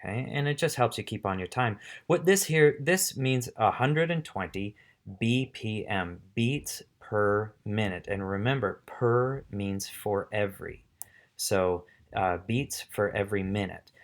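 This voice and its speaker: A man's voice: on the low side, measured pace. A middle-aged man teaching music, patiently explaining step by step and counting rhythms aloud. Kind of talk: casual instructional demo.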